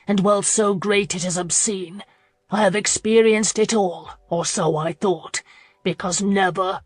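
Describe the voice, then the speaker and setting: A woman narrator voicing a furious, lovesick young duke who speaks forcefully and pleads. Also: mid-range voice, no echo, clean studio sound.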